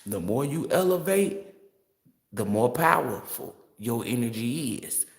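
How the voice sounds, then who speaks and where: A man's voice: mid-range voice, animated, a little slow, creaky. A man in a roomy, echoing space, talking in a brash, cussing manner. He reads tarot on a casual stream and laughs a lot as he rants. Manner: brash, profane, laughing often. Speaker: tarot reader. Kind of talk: casual livestream rant. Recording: roomy echo.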